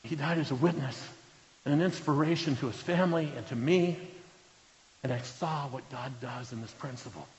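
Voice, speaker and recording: A pastor preaches in earnest, telling stories to his congregation and letting his voice fall to a near hush at solemn moments. His words ring out with a long reverb through a large church hall. The recording is muffled and lo-fi. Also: mid-range voice, moderate pace. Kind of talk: sermon storytelling. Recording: reverberant hall, dull lo-fi sound.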